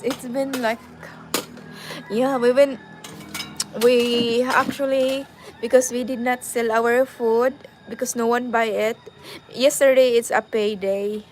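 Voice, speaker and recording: A young woman with a Cebuano Filipino accent tells a personal story in a vlog. Her voice sits a little high, and she speaks slowly, halting as she searches for words. A faint noise runs underneath. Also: low-quality recording. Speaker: vlogger.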